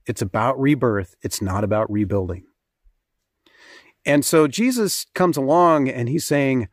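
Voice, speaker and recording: Male preacher, earnest and conversational, mid-pitched, dry recording. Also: lively intonation, a little slow, no echo. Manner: earnest, conversational, with fillers and restarts. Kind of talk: sermon with scripture reading.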